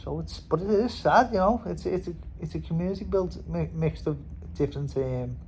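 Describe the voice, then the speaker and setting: A man's voice: fairly high pitch, normal speed, a little mellow, slight background noise, poor audio. A young man with a Scouse accent, a boxer rambling casually in a vlog, swearing and laughing as he talks. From Liverpool, England. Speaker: boxer and vlogger.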